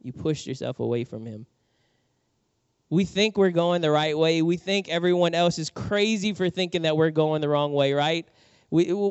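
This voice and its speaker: A middle-aged male preacher tells a personal story in his sermon, acting out the voices in the tale. His voice sits a little high for a man. The sound is dry and somewhat muffled. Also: moderate pace, clear, resonant tone, no room sound. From New Orleans, USA. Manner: animated storyteller, acts out quotes. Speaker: pastor.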